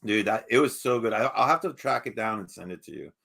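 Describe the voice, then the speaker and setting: This podcast co-host chats casually in a laid-back, rambling way, full of filler phrases like "you know what I mean." His voice is fairly low and fairly bright, with lively intonation, vocal fry, and a quick pace.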